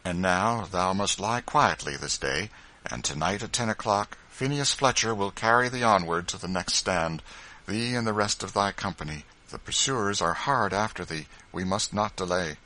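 A man voicing a grave and kindly Quaker father in a storybook reading, steady and firm in his speech. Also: sits low, normal speed, rough recording.

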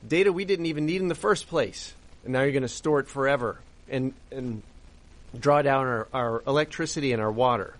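A man's voice: mid-range voice, a little fast. A man hosting a commentary show, indignant and emphatic, asking rhetorical questions. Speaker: podcast host. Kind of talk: commentary monologue.

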